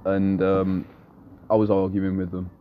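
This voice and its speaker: Young man, very low voice, blunt and sweary storyteller, faint background hum. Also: completely flat delivery, a little slow, narrow, tinny audio. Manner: blunt, swears freely, rambling anecdotes. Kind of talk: casual chat.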